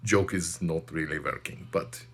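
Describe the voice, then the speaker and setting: A man doing a comic, deadpan mock-Russian accent, telling jokes in broken English. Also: extremely low pitch, measured pace, breathy edge, voice pushed down, exaggerated voice.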